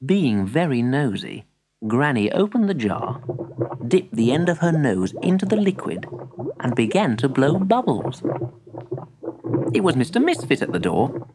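A woman reading a children's story aloud with lively storytelling. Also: very deep voice, background noise.

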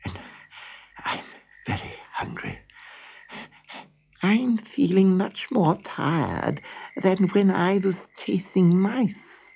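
A man voicing a miserable old cat who speaks in a slow, creaky, husky voice. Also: high voice, very animated, darkish tone, pitched above the performer's own voice, full character voice. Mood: grumbling. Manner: slow and mournful.

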